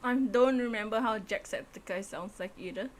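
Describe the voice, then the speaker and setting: A woman's voice: fairly high pitch, normal speed. A woman streamer chatting casually over a game, giggling often and easily. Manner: giggly, chatty, frequent laughter. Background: game music.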